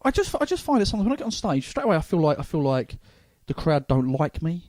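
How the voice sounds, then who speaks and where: London comedian host, man, talks fast and lively, keeps restarting his sentences. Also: fairly high pitch, no room sound. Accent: London English. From England. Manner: rambling, stammering restarts. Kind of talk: casual chat.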